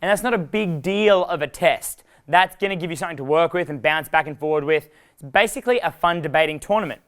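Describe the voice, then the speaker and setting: A man's voice: a little high, quick pace, fairly bright tone, smooth. A young adult man leading a live dating workshop, rambling and profane, laughing at his own jokes. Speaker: dating coach.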